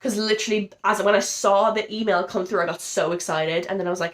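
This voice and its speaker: A woman's voice: medium pitch, fairly even intonation, fast talker, few pauses. A young woman in her twenties, sounding ill and under the weather, talking casually and emotionally to camera in a rambling vlog with many fillers. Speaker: vlogger. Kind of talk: casual confessional chat to camera.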